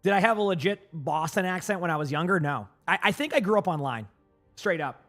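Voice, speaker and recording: A man from Massachusetts without a regional accent, rambling casually to his live-stream chat with lots of filler words and quick answers to viewers. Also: sits high, animated, a bit bright, soft background music.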